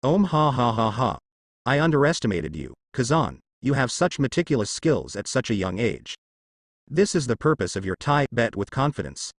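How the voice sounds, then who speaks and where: A domineering pirate boss with a taunting, boisterous manner, read by a male synthetic voice. The pitch swings lively and the sound is close and dry. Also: moderate pace, no room sound. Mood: mocking. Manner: boisterous laughing, grinning taunts. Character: boastful pirate captain, man, domineering.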